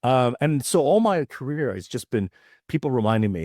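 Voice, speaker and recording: An American actor in his fifties, guesting on a casual interview, spins stories at a moderate pace in a lowish voice, animatedly performing voices as he goes. The studio sound is clean, with no room sound.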